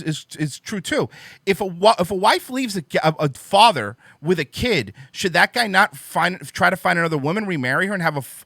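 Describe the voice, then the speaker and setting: Young male podcast host, high bright voice, emphatic profane ranting, dry close sound. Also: no room sound. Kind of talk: casual opinion monologue.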